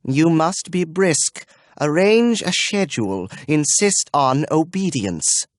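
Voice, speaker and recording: A man voicing a clever, haughty older lady-in-waiting who talks crisply and with command. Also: a little high, expressive, slow pace, dry recording, studio quality, voice pushed up. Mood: brisk. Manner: crisp commanding, doting to a bird.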